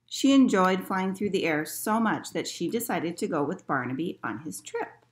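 Expressive librarian reading a storybook. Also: female voice, on the low side, normal speed. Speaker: children's librarian. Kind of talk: reading a picture book aloud.

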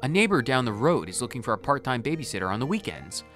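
A man's voice: medium pitch, sing-song, fast, fairly bright tone, faint music behind. A man reading aloud the lines of a friendly, chatty young woman villager in a game, in his own voice.

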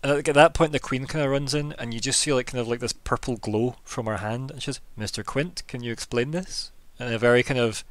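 A man's voice: medium pitch, steady tone, quick pace, few pauses, dry recording. A man narrating as game master in a tabletop role-playing session, loose and chatty, often breaking into laughs.

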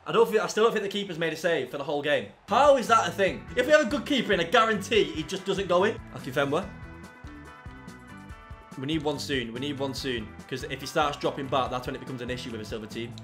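A young man commentating his own football video game, swinging from low muttering to loud yelling. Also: expressive, fast, soft background music. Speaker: gaming YouTuber. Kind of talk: live gameplay commentary.

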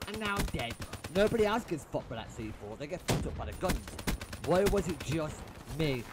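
Young guy ranting and cursing over gameplay, bit high voice, gunfire all over behind him. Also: expressive, fairly quick, heavy background noise. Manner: exasperated, swearing, ranting. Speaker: gaming YouTuber. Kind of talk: profane gameplay commentary rant. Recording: game gunfire loud behind voice. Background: game gunfire and shots.

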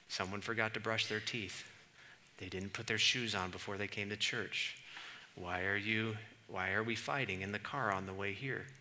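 A male pastor preaching a conversational sermon in church, moving from casual asides to loud, exasperated comic readings. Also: lowish voice, a little hiss or hum.

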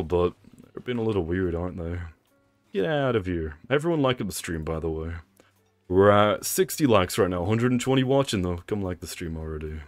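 A playful young Englishman streams a game, joking with his chat in a low voice that leaps all over the place. It's a close, dry mic with faint game music under him. He trash-talks and laughs between bits of commentary. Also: no echo. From England. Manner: playful trash talk, laughs a lot, reads chat aloud. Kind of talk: live gameplay commentary.

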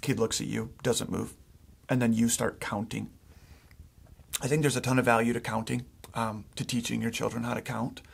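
A man's voice: medium pitch, level tone, moderate pace, creaky, husky. A middle-aged man, a pastor, preaching a sermon in a casual, conversational way, often restarting his sentences and acting out what parents say.

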